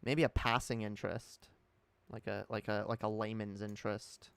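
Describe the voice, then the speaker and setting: A man's voice: fairly low pitch, level tone, moderate pace, vocal fry, clear, resonant tone, no echo. A man speaking with a put-on British accent in a casual live-stream chat, rambling candidly, reading chat and swearing often. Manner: reads and answers chat.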